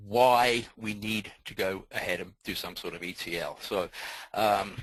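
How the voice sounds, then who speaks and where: A man with a Southern Alabama accent presents the technical part of a webinar in a deep, slightly husky voice. He explains things methodically, point by point. The recording is dry and close. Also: a little slow, a bit bright, dry recording, poor audio.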